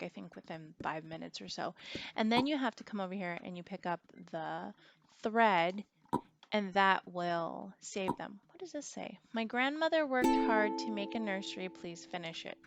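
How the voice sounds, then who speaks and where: A woman's voice: mid-range voice, vocal fry. A woman giving casual, chatty commentary while she plays a video game, laughing often. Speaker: game streamer. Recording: music playing under the voice.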